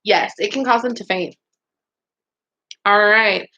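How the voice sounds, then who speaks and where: A woman's voice: medium pitch, slow, bright, forceful tone. Woman beauty school instructor, upbeat and encouraging, casual online quiz review, slightly muffled lo-fi sound. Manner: upbeat, encouraging, chatty with fillers.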